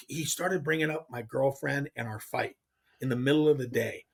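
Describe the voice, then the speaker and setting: A middle-aged man from California, a podcast guest telling a fishing story in a casual, animated way with frequent restarts. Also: medium pitch, moderate pace, vocal fry, breathy edge. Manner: animated, acts out others' lines, frequent restarts. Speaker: podcast guest, pro angler.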